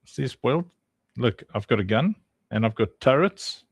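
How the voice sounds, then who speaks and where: Playtesting his own game on stream, this man chats casually, teases, laughs a lot, and calls out viewers by name. His voice is medium-pitched and slightly rough, with lively intonation at a normal speed, and there's no echo.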